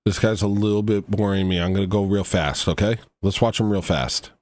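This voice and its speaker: A man with a fairly low voice, recorded dry and close with no room sound. He hosts a livestream and rambles through mock-serious commentary, wandering into asides and half-finished thoughts. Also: brisk, darkish tone, no echo. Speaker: livestream host reacting to a video.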